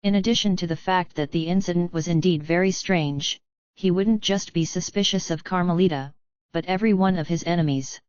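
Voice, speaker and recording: A woman reading the lines of a calm, scheming white-haired old man in an audiobook, in a gentle, measured way. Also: sits high, clear, resonant tone, no room sound, close to an everyday voice. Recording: dull, lo-fi, dry.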